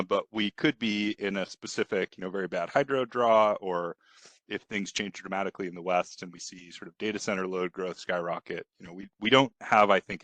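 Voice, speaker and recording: A man giving a technical workshop presentation on a video call, hesitant with fillers, clearing his throat and coughing. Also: fairly low pitch, fairly bright tone, no room sound. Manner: hesitant, many fillers and restarts.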